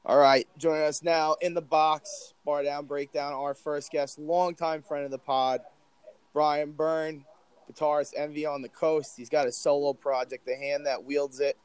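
A man's voice: a little high, flat delivery, normal speed, clean tone. A man co-hosting a podcast, chatting casually and telling jokey stories full of fillers. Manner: laid-back, jokey storytelling with fillers. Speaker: podcast co-host. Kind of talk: casual chat.

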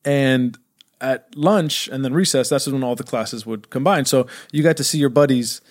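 A man telling a story on a podcast as a guest, animated, laughing often and swearing. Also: mid-range voice, moderate pace. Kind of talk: casual storytelling.

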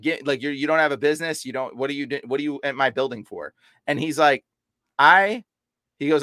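A young man as a podcast guest, telling an animated story and acting out quotes with sudden jumps in pitch. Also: dry recording. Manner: excitable, acts out quotes with big pitch jumps. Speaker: podcast guest, deliverance minister. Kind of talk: animated storytelling in casual chat.

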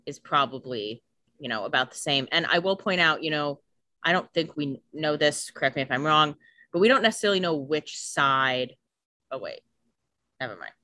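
A woman's voice: low-pitched, animated, normal speed, bright, forceful tone, dry recording. A woman co-hosting a podcast, recapping a TV episode in casual, chatty talk full of "like" and the odd swear. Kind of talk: casual chat.

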